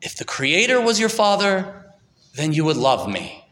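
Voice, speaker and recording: A man voicing a calm, firm male teacher who speaks slowly and gravely with authority. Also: a little high. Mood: solemn. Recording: echoey hall with long reverb.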